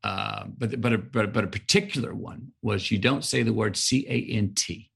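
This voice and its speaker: A man being interviewed as a guest on a podcast, telling stories in a lively way and acting out the sayings of his parents. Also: on the low side, normal speed, vocal fry, slightly rough. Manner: animated storyteller who acts out his parents' sayings. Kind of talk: casual interview storytelling.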